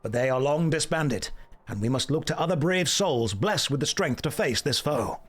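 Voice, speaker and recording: A man's voice: on the high side, lively intonation, normal speed, husky. A man voicing a stately admiral giving a solemn speech in a game cutscene.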